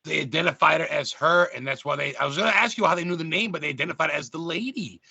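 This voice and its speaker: A male host chatting casually, blunt and quick to swear, reacting with exclamations. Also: a little high, creaky, sharp tone, slightly rough, no room sound. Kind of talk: casual chat.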